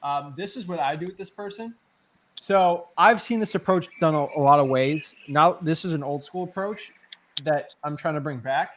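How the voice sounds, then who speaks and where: High-voiced animated man telling stories. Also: normal speed. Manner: animated storyteller, laughs while recounting. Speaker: real estate wholesaler, guest. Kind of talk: casual storytelling chat.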